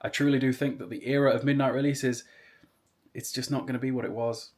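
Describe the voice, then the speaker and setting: Young guy, mid-pitched, casual storytelling vlog with rambling asides. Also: fairly even intonation, brisk, darkish tone. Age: 20s. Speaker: YouTuber.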